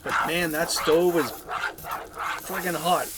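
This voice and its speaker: At a winter camp, a jokey camping vlog host cooks inside a heated tent outdoors and chats easily as he works. His voice is on the high side, slow, and flat, and the outdoor camp audio is noisy.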